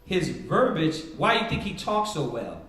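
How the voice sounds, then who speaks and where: A man's voice: a little high, huge pitch swings, moderate pace, fairly bright tone. Emphatic preacher man, echoey and distant. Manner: emphatic, rhetorical questions. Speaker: Bible class teacher. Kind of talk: preaching in a live Sabbath class. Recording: echoey room, far from mic.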